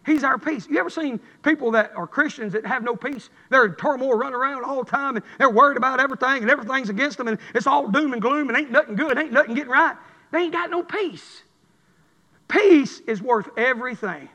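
A man's voice: very high-pitched, brisk, bright, forceful tone. A man preaching a revival sermon in church, with a rhythmic, building cadence. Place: church sanctuary. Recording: long hall reverb.

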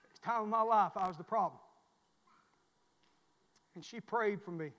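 A man preaching a sermon, swinging between loud high cries and low hushed asides in plain folksy speech. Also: normal speed, dull audio. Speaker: pastor. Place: church sanctuary. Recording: long reverb of a church hall.

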